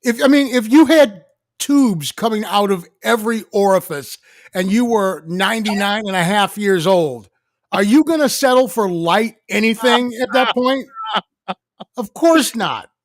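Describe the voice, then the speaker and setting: Man, co-host, high voice, easygoing, dry studio sound. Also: expressive, a little slow, no room sound. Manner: easygoing, repeats words when starting. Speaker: podcast co-host. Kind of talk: casual chat.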